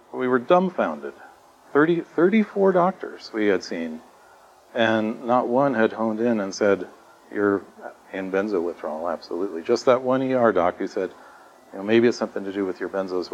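A middle-aged man telling his own story in an earnest, halting way, with many fillers and restarts. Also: fairly low pitch, animated. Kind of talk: personal testimony. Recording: dull lo-fi sound with faint noise.

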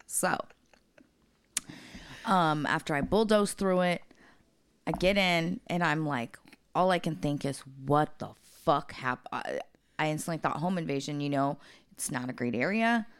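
A woman's voice: sits low, animated, a little slow, pauses often, smooth, dry recording. A woman co-hosting a casual podcast, telling a blunt, profane story from her work. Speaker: podcast co-host.

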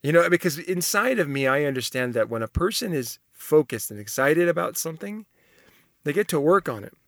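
A man with a bright, somewhat high voice talks in a rambling, enthusiastic way, reacting out loud to personality test results. He laughs easily and keeps the tone casual. The recording is dry and close, with no room sound. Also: big pitch swings, a little fast, vocal fry, no room sound.

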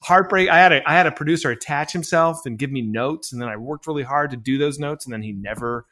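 A filmmaker telling a long story in a casual interview, full of fillers and restarts, acting out bits of dialogue. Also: male voice, a little high, fast talker. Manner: animated anecdote-telling with many fillers and restarts; acts out quoted dialogue. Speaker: filmmaker guest.

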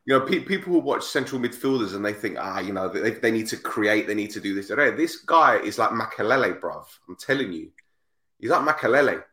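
A man's voice: on the low side, fairly quick, roomy sound. A man hosting a football podcast, telling stories in casual chat and acting out the people in them. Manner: animated storyteller, acts out voices, repeats himself. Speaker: podcast host.

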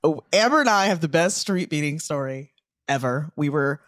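A woman guest comedian tells a story with a lively, varied pitch and laughs often. Her voice is dry and close to the mic. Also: normal speed, no room sound.

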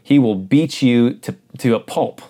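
A man's voice: mid-range voice, unhurried, warm tone. A man preaching a sermon, earnest and urgent, repeating phrases for emphasis.

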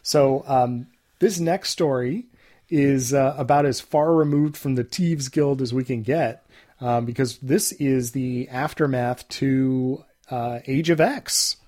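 A man's voice: mid-range voice, slow, dark tone. A man co-hosting a podcast in an easygoing, agreeable way, thinking aloud as he talks. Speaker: podcast co-host. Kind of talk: casual chat.

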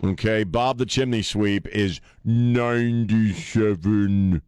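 Deep-voiced joking radio talk host. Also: male voice, slow pace, a little mellow, clean tone, no room sound, studio quality. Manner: loose and rambling, lots of uh fillers and self-mocking jokes. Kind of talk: casual talk radio chat. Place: radio studio. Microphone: studio microphone.

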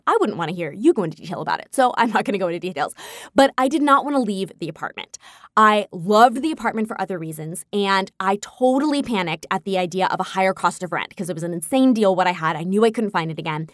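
Woman just chatting about her life, candid, animated bits, dead dry close mic. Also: mid-range voice, dry recording. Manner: candid, animated when quoting herself, laughs often. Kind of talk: casual personal storytelling.

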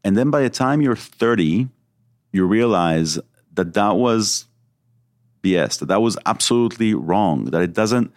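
A man's voice: lowish voice, animated, measured pace, no echo. A man talking as a podcast guest, earnest and reflective, explaining ideas with examples. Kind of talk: podcast interview.

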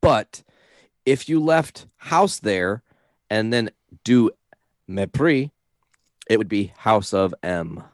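A man co-hosting a podcast in casual chat, explaining things in a relaxed, wry way. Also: on the low side, slow, pauses often, no room sound, studio quality. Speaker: podcast co-host.

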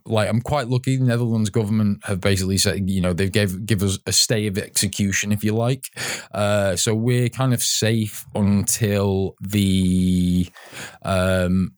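A man's voice: fairly low pitch, a little mellow, no echo, clean studio sound. A British man co-hosting a casual podcast, rambling with many restarts and casual swearing, a bit bunged up. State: bunged up and sneezy. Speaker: podcast co-host.

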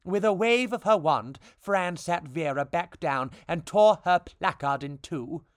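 A storybook podcast reader, narrating a rhyming tale in a playful, expressive way. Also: medium pitch, unhurried, no room sound, studio quality.

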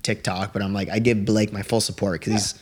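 A man's voice: fairly low pitch, fairly even intonation, brisk, slightly rough. A man chatting casually as a podcast guest, rambling through a story and leaning on 'like' constantly. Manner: rambling, heavy use of 'like'. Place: living room.

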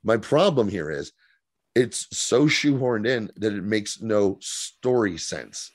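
A man in his thirties co-hosting a casual podcast, recapping a TV episode in an animated, profane way and slipping into quick mock voices. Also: lowish voice, no room sound. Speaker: podcast co-host.

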